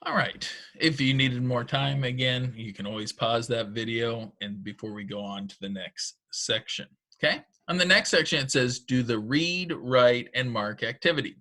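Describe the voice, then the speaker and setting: A man's voice: medium pitch, normal speed, bright, forceful tone. A male teacher giving patient, step-by-step instructions in a recorded phonics lesson for children and their parents.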